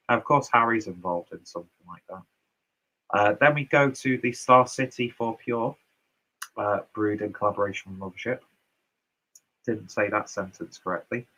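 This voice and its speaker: Male reviewer, lowish voice, relaxed chatty comment roundup. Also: husky, highs cut off. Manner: loose and chatty, with fillers and asides. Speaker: beer reviewer reading viewer comments. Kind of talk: casual chat reading comments.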